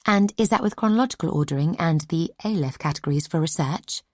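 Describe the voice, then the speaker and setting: A woman voicing a young female novice, bookish and pushy, firing off brisk, insistent questions in an audiobook. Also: low voice, a little mellow, no echo, clean studio sound. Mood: eager.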